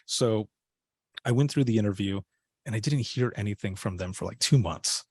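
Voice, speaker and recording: A man's voice: on the low side, moderate pace, breathy edge, no echo. A man telling a personal story in a casual interview, acting out the dialogue he quotes. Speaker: podcast guest, former dispatcher.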